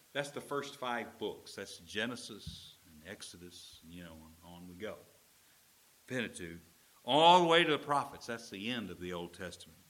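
A man's voice: medium pitch, sharp tone. A man preaching a sermon in an earnest, emphatic manner, stretching out key phrases.

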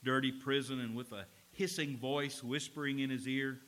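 A man's voice: medium pitch, normal speed, hardly any pauses. A male pastor preaching a sermon in a church, speaking emphatically and acting out scenes as he goes. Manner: expressive, emphatic, dramatizes scenes. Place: church with a slide screen.

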